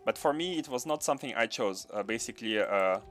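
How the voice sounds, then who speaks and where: A man's voice: medium pitch, animated, fast, a bit bright, a little hiss or hum. A man from Russia, with a Russian accent touched by French, muttering to himself as he builds in a game and answering chat on a livestream. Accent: Russian with some French. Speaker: game streamer. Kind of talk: casual livestream commentary while building.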